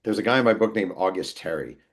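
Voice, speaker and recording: Low-pitched and fast with lively intonation, this New York man is an author appearing as a podcast guest. In casual conversation he tells a story and acts out the voices of the people he quotes.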